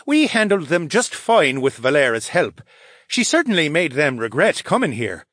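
A man voicing a calm male courtier in an audiobook, smoothing things over. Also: on the high side, normal speed, dry recording, studio quality, voice pushed up. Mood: soothing.

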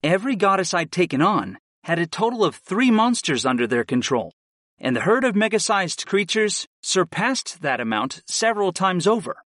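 A man narrating a first-person fantasy audiobook with an expressive, varied delivery. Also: sits high, normal speed, no room sound, studio quality.

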